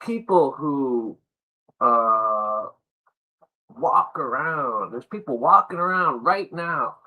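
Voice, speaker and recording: Stream host, man, fairly high voice, sarcastic and profane. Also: sharp tone, poor audio. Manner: angry, sarcastic, heavy swearing. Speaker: livestream host. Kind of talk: profane political rant.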